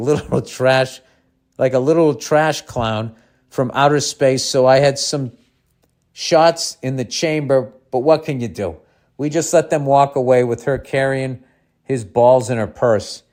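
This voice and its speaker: Profane, sarcastic man hosting a podcast. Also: mid-range voice. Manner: profane, sarcastic running asides. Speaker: podcast host. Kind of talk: reading a listener letter aloud with commentary.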